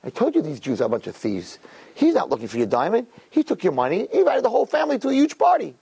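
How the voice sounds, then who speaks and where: A man's voice: high voice, wildly swooping pitch, fast talker, gravelly, warm tone, slightly rough, dry recording, pitched above the performer's own voice, exaggerated voice. A man voicing a scheming, jealous male courtier who keeps accusing someone to a king. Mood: gloating. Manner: insistent, rising and urgent.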